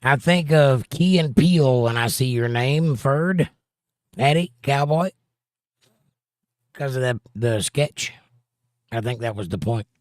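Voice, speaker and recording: A man's voice: medium pitch, lively intonation, slow pace, long pauses, darkish tone, no echo, clean studio sound. A man hosting a casual livestream, greeting viewers by name and reading their chat messages aloud, with playful rhyming jokes.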